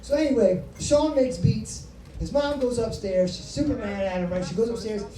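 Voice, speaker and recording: Brash thirtysomething woman doing stand-up, mellow tone, roomy club sound from a ways off. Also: a little high, normal speed, recorded from a distance, a little hiss or hum. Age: 30s. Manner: brash, profane, hyped-up storytelling. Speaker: stand-up comedian. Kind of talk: stand-up storytelling. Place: comedy club stage.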